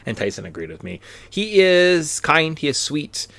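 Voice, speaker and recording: Guy hosting a podcast, pitch bouncing all over, dry close mic, keeps saying right?. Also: sing-song, moderate pace, gravelly, a bit bright, no room sound. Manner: rambling, tag questions. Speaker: podcast host. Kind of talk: casual chat.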